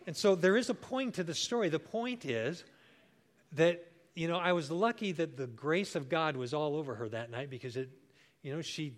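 Older guy preaching, kinda high voice, storytelling, jumps into funny voices for quotes. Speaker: pastor. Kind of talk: sermon.

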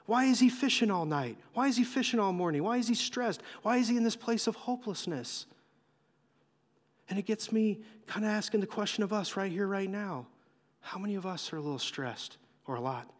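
A male pastor preaching a sermon, telling the story with animated, acted-out voices. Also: high voice, brisk. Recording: long hall reverb.

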